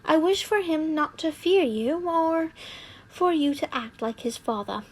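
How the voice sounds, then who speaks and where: A woman reading the lines of a protective young wizard husband in an amateur fanfiction reading, with firm, deliberate delivery. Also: high voice, expressive, voice pushed up.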